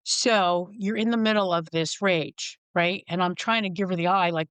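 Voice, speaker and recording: A woman's voice: lowish voice, steady tone, moderate pace, a bit bright, clean tone, no echo. A middle-aged woman speaking frankly as a podcast guest, telling wry stories and acting out the people in them. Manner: frank, wry, acts out quoted voices. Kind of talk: candid storytelling conversation.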